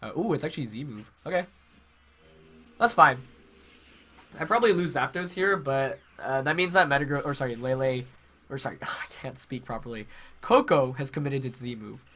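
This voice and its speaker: A man's voice: medium pitch, animated, normal speed, bright, forceful tone. A young man with a head cold, congested, casually commentating his own match while thinking aloud with fillers and self-corrections. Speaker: game commentator.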